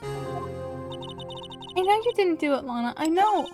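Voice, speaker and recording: Woman doing an eager high young girl. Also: huge pitch swings, slow, full character voice. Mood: earnest. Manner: eager, pleading. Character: earnest young girl who loves science. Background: game music.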